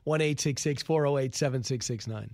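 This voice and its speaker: A man's voice: mid-range voice, darkish tone, a little hiss or hum. A man hosting a talk radio show, giving opinionated, emphatic commentary and taking calls. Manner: opinionated, emphatic, quick asides. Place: radio studio.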